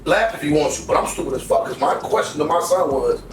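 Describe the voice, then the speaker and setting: An older man with a slightly high voice talks fast over soft background music, swapping stories in casual conversation. His storytelling is animated and profane, full of swearing and acted-out quotes. The recording is noisy and echoey, with the mic set at a distance.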